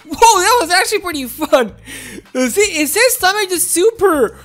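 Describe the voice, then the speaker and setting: A woman giving excited, exclaiming commentary while playing a video game and talking to her viewers. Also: very high-pitched, moderate pace, soft background music. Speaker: gaming video host.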